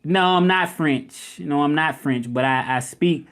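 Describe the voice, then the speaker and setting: A young man from Memphis with a Southern US accent, hosting a casual livestream and answering comments in an animated, indignant way. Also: fairly high pitch, measured pace. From Memphis, Tennessee, US. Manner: animated, indignant at doubters, drawling. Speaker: livestream host.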